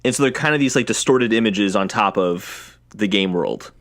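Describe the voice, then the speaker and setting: A man's voice: fairly low pitch, normal speed, a bit bright, dry recording, studio quality. A man co-hosting a casual gaming podcast, bantering in a laid-back, self-deprecating way. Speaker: podcast co-host.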